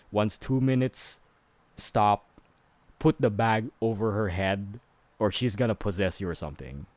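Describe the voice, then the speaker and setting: A man's voice: on the low side, a little mellow, no echo. A man streaming a casual movie recap, rambling with many fillers and growing exasperated.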